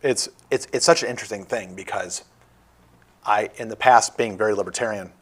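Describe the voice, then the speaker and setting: A man's voice: fairly low pitch, brisk. A man with a Midwestern American accent hosting a casual political talk show, joking and rambling as he speaks.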